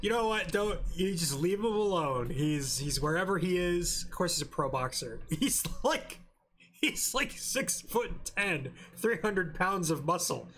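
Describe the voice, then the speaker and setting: Casual podcast co-host, male, high bright voice, lively and laughing. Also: a little slow. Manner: animated, laughs often, acts out quotes. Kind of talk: casual chat about anime.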